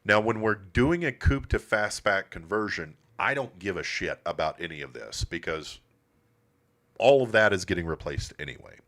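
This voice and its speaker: A man with a lowish voice whose pitch jumps around in lively swings hosts a loose livestream from his auto shop. He talks in a blunt, laid-back way, peppered with swearing. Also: normal speed. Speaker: host of a classic car livestream. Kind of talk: casual live commentary.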